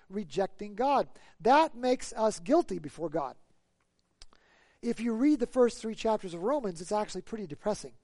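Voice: medium pitch, warm tone, no room sound. A preacher giving a sermon in a conversational, storytelling way, rising to emphatic peaks and putting rhetorical questions to the congregation.

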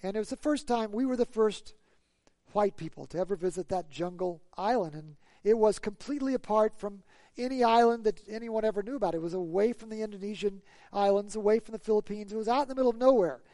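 Preacher, conversational sermon delivery with emphatic peaks, warm voice, dry recording. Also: mid-range voice, quick pace, no echo. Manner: storytelling, building to emphatic peaks; conversational, with rhetorical questions to the congregation.

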